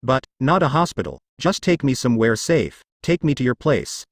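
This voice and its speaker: A man's voice: mid-range voice, big pitch swings, moderate pace, no echo, clean studio sound. A man voicing an exhausted young nun who answers with curt defiance. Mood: wary.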